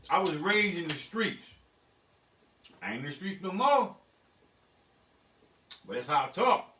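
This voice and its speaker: A man's voice: on the high side, very animated, measured pace, bright, forceful tone. A middle-aged man, a beat producer, talking bluntly and profanely in a casual studio vlog. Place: home music studio. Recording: echoey room, mic at a distance.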